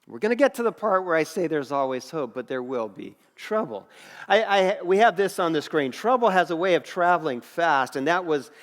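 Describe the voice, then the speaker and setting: A middle-aged pastor preaching a sermon, telling personal stories in an animated way and acting out what others said. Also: male voice, on the high side, normal speed. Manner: storytelling, animated, acts out quotes. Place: church auditorium. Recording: long reverb of a church hall.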